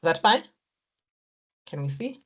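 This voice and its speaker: Low-voiced woman lecturing on exam technique. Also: sing-song, measured pace, slightly rough. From Africa. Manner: encouraging, repetitive, talks students through steps. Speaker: accounting lecturer.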